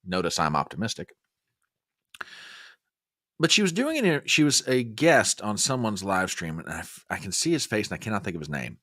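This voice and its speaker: A man with a very low, yet bright and forceful voice hosts a live stream chat. He speaks in a measured, folksy way with set phrases. The sound is dry and close to the mic. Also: very animated, dry recording. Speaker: host.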